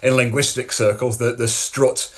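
A man's voice: medium pitch, little pitch movement, moderate pace. A male dialectology professor with a northern English accent, explaining his ideas in a radio interview while thinking aloud.

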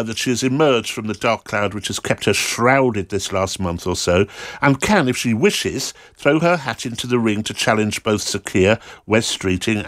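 A man's voice: on the low side, a bit bright. A man with a British accent hosting a talk radio show, wry and sardonic with chuckling asides. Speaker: radio host.

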